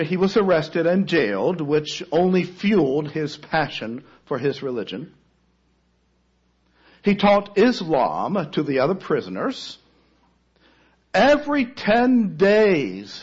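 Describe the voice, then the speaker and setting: A man preaching a sermon, telling a story dramatically, rising to loud cries and then falling to a near-hush. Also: a little high, lively intonation, measured pace, slightly rough, dull audio.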